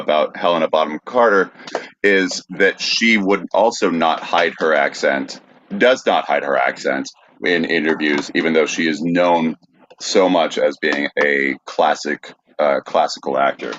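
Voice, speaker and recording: A man from the United States co-hosting a podcast, explaining things in a measured, informative way. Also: very deep voice, fairly bright tone, a little hiss or hum. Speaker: podcast co-host. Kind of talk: casual chat. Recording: dry, dull lo-fi mic.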